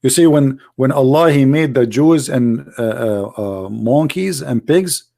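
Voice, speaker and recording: A man with an Arabic accent hosting a live stream, reading and translating a text aloud in halting English with many restarts. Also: medium pitch, creaky, mellow. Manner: halting, restarts and searches for words.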